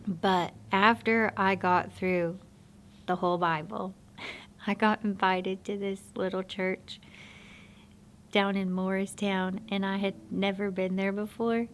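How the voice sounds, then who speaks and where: A woman telling her personal faith testimony in a soft-spoken, halting, reflective way. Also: mid-range voice, little pitch movement, a little hiss or hum.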